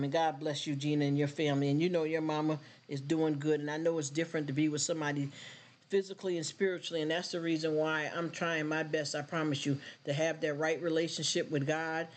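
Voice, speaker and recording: Earnest man preaching to his stream. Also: on the high side. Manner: preachy, earnest, addresses viewers directly. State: emotional, choked up. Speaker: live stream host. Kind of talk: casual faith talk with live chat.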